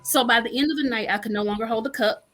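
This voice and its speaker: A woman guest chef telling her story in a casual interview, lively and acting out what people said. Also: on the high side, fast. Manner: animated, acts out quoted dialogue.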